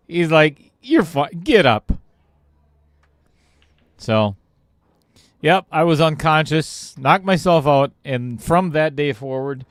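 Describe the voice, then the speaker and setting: A man's voice: fairly high pitch, smooth, no echo, clean studio sound. A man commentating on a pool stream, telling a casual, self-deprecating story about himself and laughing at it. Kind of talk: casual anecdote told on air.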